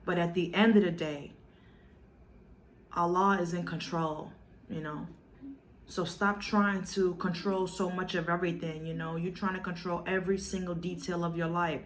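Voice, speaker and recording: A woman's voice: lowish voice, slight background noise. Earnest, emotional woman vlogger. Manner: earnest, emotional, repeats "you know". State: tearful at times. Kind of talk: heartfelt casual chat to viewers.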